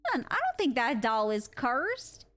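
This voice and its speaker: High-voiced excitable young woman streamer. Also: a little slow. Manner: excitable, swears freely, loud outbursts. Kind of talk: casual live-stream chat. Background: faint music.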